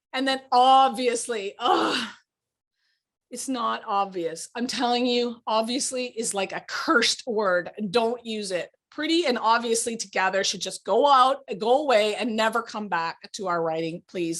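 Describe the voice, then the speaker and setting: A woman law professor giving a lecture, animated and exasperated, teasing her students. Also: a little high.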